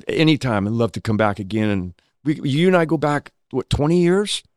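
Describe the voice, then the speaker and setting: A man who is a stunt driver, guesting on an interview show and telling anecdotes in a casual, animated way, acting out the voices of people he quotes. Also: mid-range voice, a little fast, no room sound, clean studio sound.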